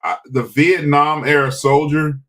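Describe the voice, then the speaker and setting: A man's voice: a little high, steady tone, a little slow, fairly bright tone. A man, chatting casually as co-host of a live podcast, rambling with hesitant restarts. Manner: rambling, hesitant restarts, defensive when teased. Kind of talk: casual live-stream chat.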